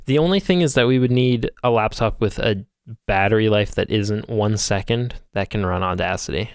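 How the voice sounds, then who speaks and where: A man's voice: lowish voice, normal speed, clear, resonant tone, no echo, clean studio sound. A man co-hosting a podcast in casual chat, laughing often and rambling with fillers. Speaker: podcast co-host.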